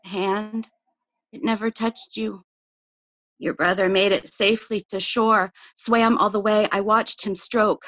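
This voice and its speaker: A woman poet reading her own poem aloud in a measured, even voice. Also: medium pitch, no echo. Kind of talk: poetry reading.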